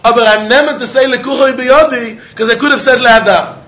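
Man, very high pitch, animated sing-song Talmud lecture, faint room noise. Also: highs cut off. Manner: animated, sing-song reasoning with quick laughs. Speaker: Talmud teacher.

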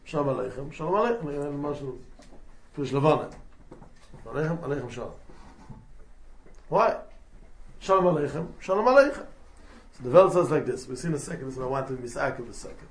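A man giving a lively Talmud class, mixing in Yiddish and Hebrew terms and acting out the quotes. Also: mid-range voice, fast talker, pauses often, echoey room, slight background noise. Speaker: Talmud teacher.

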